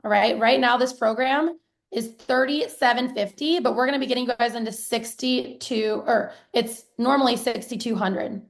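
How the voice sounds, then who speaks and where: A woman in her thirties coaches her viewers over a live stream, excited and chatty, with casual swearing. Her voice sits slightly high and has a gravelly fry to it. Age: 30s. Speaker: business coach.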